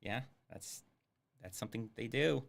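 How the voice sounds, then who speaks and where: Sarcastic man, swooping pitch. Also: animated, measured pace, gravelly, slight background noise. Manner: sarcastic, swears freely. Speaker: streamer reviewing a film. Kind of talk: casual livestream commentary.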